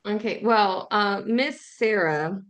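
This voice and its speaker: A woman's voice: medium pitch, slow pace, fairly bright tone. A woman in a group video call, telling self-mocking stories and quoting others. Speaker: group member.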